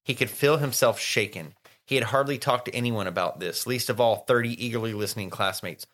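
A man's voice: mid-range voice, fairly quick, a bit bright. A man from the American South with a Southern accent, co-hosting a podcast and chatting casually about a book, slipping into mocking quote voices. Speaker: podcast co-host. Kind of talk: casual chat recapping a book.

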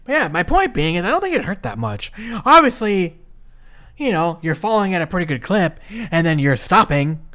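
Chatting casually about a wrestling match they just watched, this Minnesotan podcast co-host in their thirties curses freely and keeps restarting thoughts between plenty of "likes." The voice is mid-range and fairly bright, swinging widely in pitch at a moderate pace.

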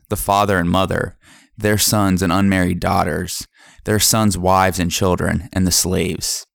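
A man narrating a history podcast from a script, in a measured reading manner. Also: low-pitched, creaky, dry recording, studio quality.

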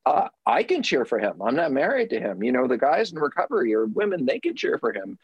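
Guy therapist going off with blunt advice, kinda husky, dry sound. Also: mid-range voice, no room sound. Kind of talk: advice show talk.

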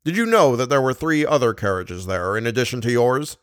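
A male narrator voicing a self-satisfied police commissary who questions briskly. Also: medium pitch, very animated, fairly bright tone, clear, resonant tone, no room sound, clean studio sound. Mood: probing.

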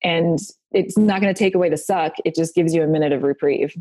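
A middle-aged woman talks quickly, her voice warm and mellow. She is a guest in a casual chat and tells stories with energy, jumping into the voices of the people she quotes. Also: low voice. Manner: animated storyteller, acts out quoted voices.

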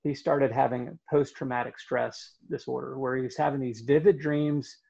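A man tells a story in an earnest, halting way, pausing on fillers. His voice is gravelly and husky. The audio sounds dull and lo-fi. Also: mid-range voice, steady tone, darkish tone. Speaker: guest telling a story. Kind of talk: storytelling in conversation.

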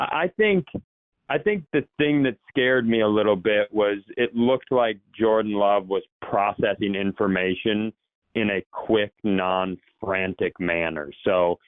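Unhurried and lowish in voice, the guest talks football in a loose, rambling way, fixing his own statements and breaking into quoted voices. The recording is dry and sounds tinny, like a phone line.

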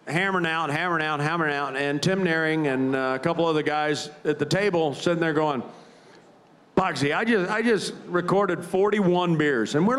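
A man's voice: on the high side, fairly bright tone. An older man, a retired ballplayer, telling rambling anecdotes in a live interview with frequent restarts and chuckles. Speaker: retired baseball player, guest.

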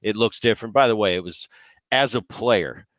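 Male podcast host, slightly low voice, dry close mic, relaxed conversational reminiscing. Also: moderate pace, dry recording. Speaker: host, former ballplayer. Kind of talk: casual interview chat.

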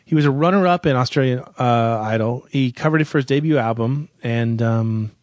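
Man, mid-pitched voice, dry sarcastic jokes, co-host of a music countdown, close dry sound. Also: a little fast, a little mellow, no echo. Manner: dry, sarcastic one-liners. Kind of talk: comedic music-countdown banter.

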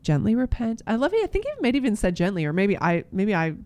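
A woman's voice: medium pitch, wildly swooping pitch, fast talker, a little mellow. A woman co-hosting a casual faith podcast, talking earnestly and gushing, often trailing off mid-sentence. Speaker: podcast co-host.

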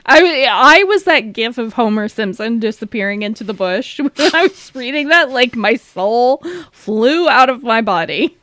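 Woman, casual book chat, slow pace, smooth clear tone, dry close sound, laughs often. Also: a little high, lively intonation, a bit bright, dry recording. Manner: unhurried, laughs often, salty asides. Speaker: podcast co-host discussing a book.

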